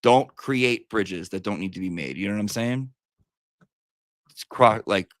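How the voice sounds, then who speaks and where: A man hosting a casual livestream chat, talking in a chatty, profane way with big swings in pitch. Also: lively intonation, moderate pace, a bit bright, no echo, studio quality. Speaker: livestream host.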